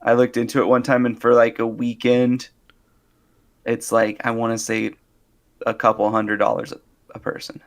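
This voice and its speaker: Man, podcast co-host, casual banter, jokey, mid-pitched voice. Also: completely flat delivery, moderate pace, long pauses. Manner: jokey, laughs often, mimics people in quotes. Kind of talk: casual chat.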